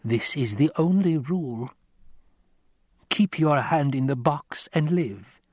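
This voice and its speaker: A man voicing a menacing old woman who speaks slowly and commandingly, recorded dry and close. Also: on the high side, animated, a little mellow, dry recording, pitched above the performer's own voice. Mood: stern, menacing. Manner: slow, stern, commanding. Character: menacing old female witch-like crone.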